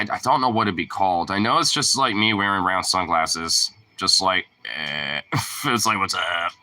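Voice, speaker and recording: A man with a low voice and a very bright, cutting edge to it. He chats casually as a streamer, wandering from thought to thought, stuffing his sentences with filler words and tossing in swear words freely. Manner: rambling and profane, full of "like" fillers. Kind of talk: casual chat.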